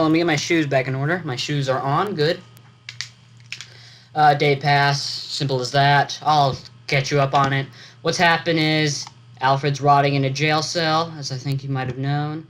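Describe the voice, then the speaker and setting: Over the loud hum of a computer fan, a writing vlogger from the United States meanders through casual, rambling commentary in a mid-range voice. The talk is self-correcting, like thinking aloud.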